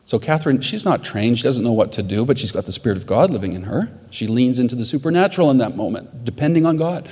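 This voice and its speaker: Pastor preaching in a reverberant hall. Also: male voice, mid-range voice, animated, fast, few pauses, dark tone, breathy edge. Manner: earnest storytelling preacher. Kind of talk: sermon.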